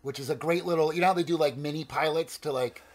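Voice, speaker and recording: Fast and a bit high-pitched, a male podcast co-host in his forties talks in a New Jersey accent. It's loose, lively conversation that keeps drifting, full of stammering, restarts, and casual cursing.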